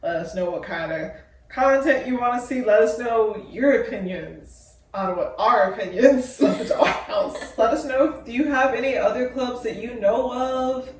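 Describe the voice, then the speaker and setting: A young woman hosting a casual vlog. She swears freely and counts aloud in a low voice. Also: normal speed. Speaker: vlogger host. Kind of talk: casual chat to camera. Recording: roomy echo, from far off, faint noise.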